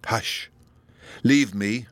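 A man's voice: lowish voice, very slow, fairly bright tone, no room sound. Man reading as a grave, melancholy young woman. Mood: imperative. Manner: grave and imperative.

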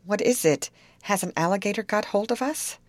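A woman reading the lines of a nervous, excitable teenage girl, in an audiobook. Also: medium pitch, moderate pace, no echo, pitched above the performer's own voice, lightly acted. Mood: anxious.

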